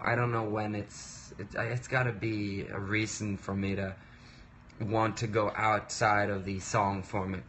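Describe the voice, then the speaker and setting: A man's voice: fairly low pitch, a bit bright, slight background noise. Chatty man rambling on a phone livestream. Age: 30s. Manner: rambling, self-interrupting, playful and chatty. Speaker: musician livestreaming. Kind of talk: casual livestream chat. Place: home work desk.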